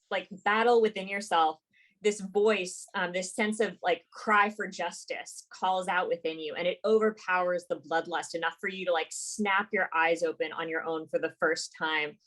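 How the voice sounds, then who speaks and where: A woman narrating as game master of a tabletop game, relaxed and halting with frequent fillers. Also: fairly low pitch. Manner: relaxed, hesitant narration with many ums and likes.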